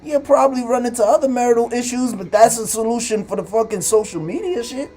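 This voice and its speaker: A man's voice: extremely high pitch, quick pace, faint music behind. A man hosting a live stream, ranting casually and profanely about relationships and social media. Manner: loose, profane, animated rants. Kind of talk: casual commentary monologue.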